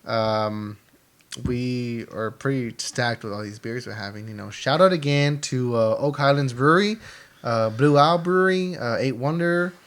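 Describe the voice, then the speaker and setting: A man's voice: medium pitch, measured pace, fairly bright tone. A man hosting a podcast, chatting casually over beers in a joking, swearing tone. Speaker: podcast host.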